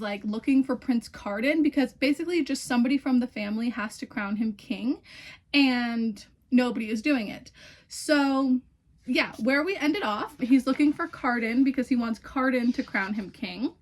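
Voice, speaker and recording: A woman in her twenties, chatting casually as a book vlogger and recapping a novel, with lots of "like" fillers. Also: on the high side. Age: 20s. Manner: chatty, peppered with "like".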